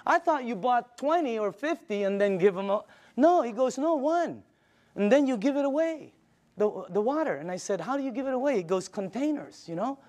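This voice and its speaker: High-voiced older man giving an emphatic sales pitch. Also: expressive, normal speed, darkish tone. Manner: enthusiastic, storytelling, emphatic. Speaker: sales presenter.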